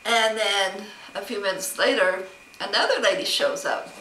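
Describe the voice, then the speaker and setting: A woman's voice: mid-range voice, normal speed, pushed and bright, far from the mic, a little hiss or hum. A woman vlogger telling a long, rambling story about being snubbed, with an aggrieved tone and plenty of quoted back-and-forth. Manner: rambling, aggrieved retelling with many quoted exchanges. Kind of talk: casual personal storytelling vlog. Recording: roomy, off-mic with faint ambience.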